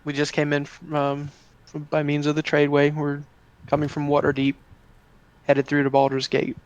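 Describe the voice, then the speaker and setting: Flat-voiced man narrating his character. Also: on the high side, clean tone, dull audio. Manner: halting, filler-laden. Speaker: player. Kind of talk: describing his character's actions.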